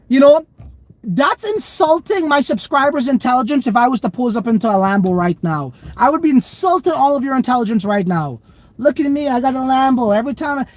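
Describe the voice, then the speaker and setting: A man's voice: very high-pitched, dry recording. Livestream host, male: loose and profane, laughs a lot while riffing on the chat. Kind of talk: casual livestream chat reading viewer comments.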